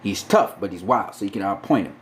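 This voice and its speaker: Man, casual boxing commentary, profane, emphatic, repeats himself, lively pitch. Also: brisk, a little hiss or hum. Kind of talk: casual opinion monologue.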